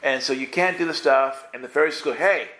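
A man teaching the Bible in a loose, conversational way, with a voice of ordinary middle pitch for a man. He keeps it playful and slips into little character voices as he retells the scenes. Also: fast, crowd noise.

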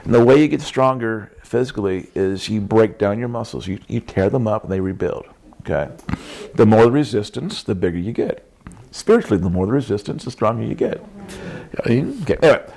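Preacher, middle-aged male, fry in the voice, animated storyteller who acts out quotes. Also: fairly low pitch, a little fast. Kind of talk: sermon with personal stories.

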